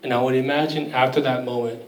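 A man's voice: medium pitch, steady tone, fast talker, reverberant, recorded from a distance, low-quality recording. A man preaching a sermon in a conversational, storytelling way, acting out quoted voices. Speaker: pastor.

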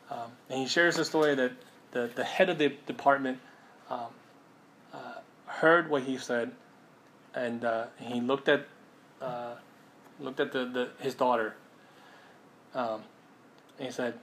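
A man preaching a sermon in a relaxed, conversational way, often checking in with his listeners and using many fillers. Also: medium pitch, moderate pace, pauses often, a little hiss or hum. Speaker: pastor.

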